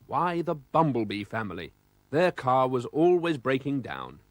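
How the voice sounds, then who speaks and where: A man's voice: mid-range voice, big pitch swings, measured pace, no room sound. A man with a British accent narrating a children's storybook expressively, voicing sound effects.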